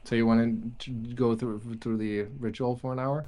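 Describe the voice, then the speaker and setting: A man narrating a tabletop game as game master, in halting, descriptive narration. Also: medium pitch, level tone, mellow.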